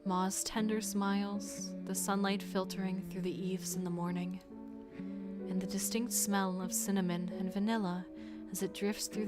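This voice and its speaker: A woman reading a video game's first-person narration, as a grown man recalling a childhood tragedy, in a soft and measured way. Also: medium pitch, lightly acted. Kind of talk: reading game narration aloud.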